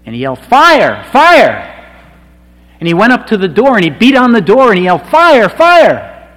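A man preaching a sermon, with a dramatic delivery that swings from hushed passages to loud, emphatic cries. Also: high voice, sing-song. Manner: slow, dramatic delivery swinging from quiet to shouted. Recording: long hall reverb.

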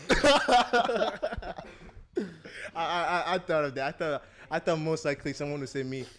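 Young male podcast host, slightly high voice, rambling and jokey. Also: a little slow, fairly bright tone. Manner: joking, rambling. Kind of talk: casual chat.

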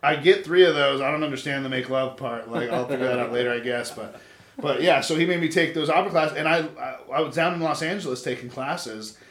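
A man in his thirties telling stories in casual chat, animated and profane. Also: mid-range voice, a little fast, crowd noise. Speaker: podcast host. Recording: echoey room.

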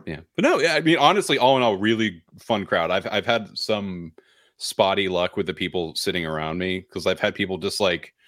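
Deep, punchy man, podcast co-host, rambling self-deprecating storyteller, dry close mic. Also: a little fast, fairly bright tone, dry recording. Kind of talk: casual chat.

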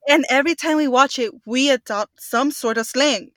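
A woman's voice: high voice, moderate pace, fairly bright tone, no room sound, studio quality. A young woman, co-hosting a casual podcast chat in an easygoing, chatty way. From Texas. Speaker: podcast co-host.

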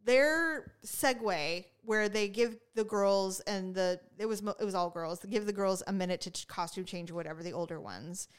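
With a clear, resonant, medium-pitched voice, a middle-aged podcast co-host spins stories in casual conversation at normal speed, barely pausing. She acts out people's quotes with animation and laughs often.

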